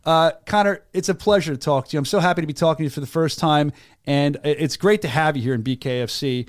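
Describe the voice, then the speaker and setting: A man with a Philadelphia area accent hosting a casual combat sports chat, enthusiastic and full of restarts. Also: on the high side. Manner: fast, enthusiastic, lots of restarts. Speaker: show host. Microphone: studio mic.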